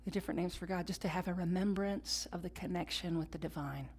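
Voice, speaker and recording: A woman pastor preaching a sermon, swinging from loud emphatic lines to hushed whispers and leading call-and-response. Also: lowish voice, quick pace, slight background noise. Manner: leads the congregation in call-and-response; conversational, with laughs and asides.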